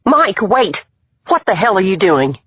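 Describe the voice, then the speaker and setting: Woman doing a tough female detective, husky, no-nonsense, dull lo-fi audiobook sound. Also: fairly low pitch, expressive, moderate pace, no echo. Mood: alarmed. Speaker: detective partner. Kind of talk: audiobook voice acting.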